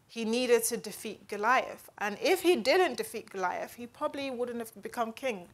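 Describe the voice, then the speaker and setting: In this devotional talk, a woman teaches from the Bible in an earnest, chatty manner, frequently checking in with "right?" Her voice is fairly high with lively intonation, and she speaks at a normal speed.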